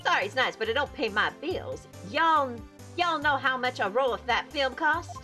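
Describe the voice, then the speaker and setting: A woman voicing a loud, brash country woman in a put-on American Southern drawl, scolding and drawling, with music underneath. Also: high-pitched, animated, moderate pace.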